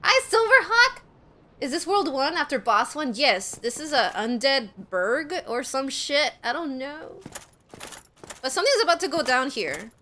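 A woman's voice: high-pitched, expressive, moderate pace, a little hiss or hum. A woman streaming a first playthrough of a game, chatting with her viewers, swearing and screaming at the action. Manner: chats with viewers while playing. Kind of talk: live gameplay commentary. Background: loud game music.

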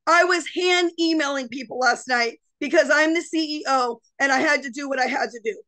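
A woman's voice: sits high, fairly quick, bright, forceful tone. A middle-aged woman, a mindset coach, giving a fervent, preachy motivational talk to a webinar audience and addressing them directly. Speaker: mindset coach and guest speaker.

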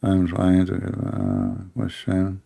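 A man's voice: low voice, completely flat delivery, takes it slowly, creaky, mellow, husky. A middle-aged man who is a Christian apologist host. He gives heated, emphatic livestream commentary and repeats himself a lot. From Arab world.

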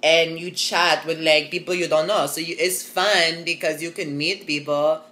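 A man's voice: a little high, fairly even intonation, normal speed, pushed and bright, roomy sound, rough recording. A man voicing a comic character who speaks broken English with Spanish greetings, chatting with strangers on a video chat.

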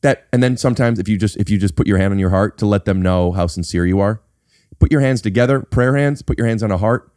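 Speaking quickly in a lowish, slightly mellow voice, this man hosts a casual podcast from a studio mic with no room sound. He's a podcast host and actor, and he explains things with playful mock-seriousness.

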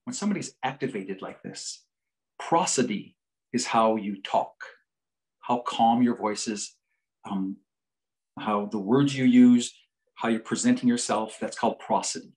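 A male psychologist giving a lecture. He tells a story in a joking, animated way. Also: mid-range voice, normal speed, rough recording.

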